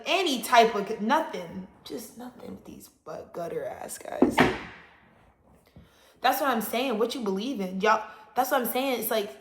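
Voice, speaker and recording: Higher-pitched woman ranting bluntly in an echoey room. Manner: blunt, profane and animated, with frequent loud emphasis. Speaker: astrology vlogger. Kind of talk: casual ranting monologue.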